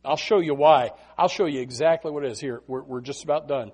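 A man preaching a sermon as a pastor, telling Bible stories in an animated way and often repeating his words. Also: mid-range voice, brisk, husky, soft background music.

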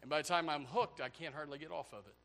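A pastor preaching a sermon, swinging from loud, high outbursts to low, quiet stretches. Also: male voice, fast talker. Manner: animated preaching, voice rising to near shouts and dropping low.

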